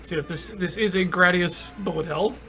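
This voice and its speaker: A man with a notably high voice chats while he plays a game on stream. He stammers and repeats words as he reacts to the action. Faint game music runs underneath. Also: normal speed, sharp tone. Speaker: stream co-host playing the game. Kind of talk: casual gameplay chat.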